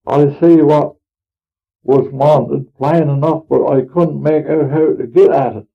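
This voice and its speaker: This performer's voice is a little high, steady and husky, with vocal fry and an unhurried, heavily acted delivery. In character as a devout, plain-spoken old Norfolk farmer, he rambles earnestly and homely through a dramatic monologue, captured on a tinny, phone-like old recording.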